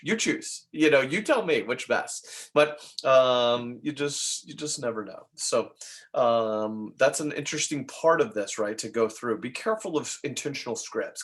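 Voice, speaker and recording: A middle-aged man talks agents through sales tips in a casual coaching style. He is chatty and animated, and his voice sits at an ordinary middle pitch. He often jumps into little acted-out phone conversations. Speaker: real estate trainer.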